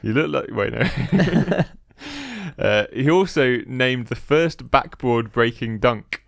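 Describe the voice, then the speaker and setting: A man's voice: mid-range voice, slow, vocal fry, no room sound, clean studio sound. A young man hosting a casual podcast quiz, chatty and teasing, laughing often as he reads the questions out. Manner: chatty, giggly, teasing quizmaster. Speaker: podcast co-host running a quiz.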